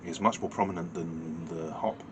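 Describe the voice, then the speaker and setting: A man from the United Kingdom reviewing a beer in a casual vlog, talking in a dry, understated way with many pauses and fillers. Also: deep voice, fairly even intonation, noisy background.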